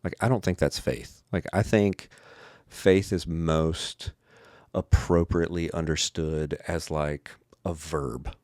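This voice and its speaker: A man's voice: extremely low pitch, fairly even intonation, slow, darkish tone, no room sound, studio quality. A young adult man who works as a pastor, talking casually on a podcast, often slipping into quoted voices and leaning on the word "like". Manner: acts out quoted voices, fills speech with "like".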